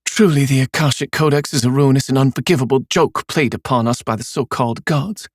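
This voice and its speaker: A man's voice: medium pitch, lively intonation, fairly quick, slightly rough, no room sound, clean studio sound, pitched above the performer's own voice. A man reading an audiobook, voicing a cold, bitter, scheming middle-aged mother who talks sullenly and sarcastically. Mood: scornful. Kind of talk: audiobook character voice.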